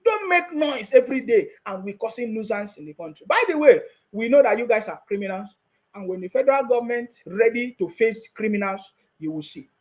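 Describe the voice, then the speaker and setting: A man's voice: high-pitched, lively intonation, brisk, a little mellow. A man with a Nigerian accent giving scolding, mocking political commentary on his YouTube channel, laughing often.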